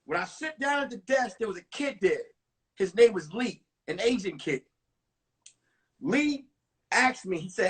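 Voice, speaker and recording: A man from New York performs a one-man comedy show, telling stories and jumping into every character with animated delivery. His voice sits very high for a man and has a raspy edge. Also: moderate pace, distant mic, low-quality recording.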